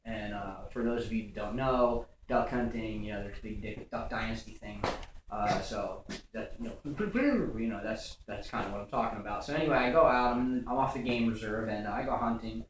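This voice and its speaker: A man's voice: on the low side, fairly even intonation, a little fast. A young male comedian works through a stand-up set, rambling his way through stories with plenty of fillers and restarts. He sounds far from the mic, and his voice rings through a very echoey room. A faint hiss of room ambience sits underneath. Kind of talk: stand-up routine. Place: comedy stage. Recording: rough, echoey club recording from far off.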